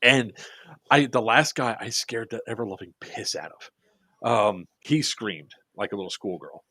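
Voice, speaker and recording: A man telling a long story in casual podcast chat, acting out the quotes with lively voices and freely swearing. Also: lowish voice, unhurried, husky, dry recording. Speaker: airsoft podcast speaker.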